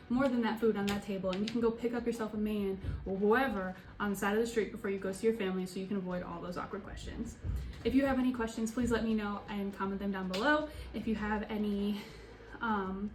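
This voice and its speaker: A woman's voice: medium pitch, a little mellow. A young woman narrating a makeup tutorial in a casual, sassy way, with joking asides. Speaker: beauty vlogger.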